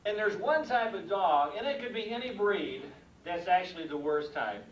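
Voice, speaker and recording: An older man giving a humorous speech about his work as a mailman, animated, chuckling at his own jokes and acting out sounds. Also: high-pitched, moderate pace. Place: meeting room with audience. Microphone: far room mic. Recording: echoey room from far off.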